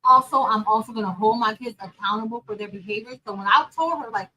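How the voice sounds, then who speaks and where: A woman chatting casually and telling a story straight to her viewers, animated, calling them y'all and girl. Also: on the high side, fast, few pauses, a little hiss or hum, rough recording. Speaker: crafting vlogger and teacher.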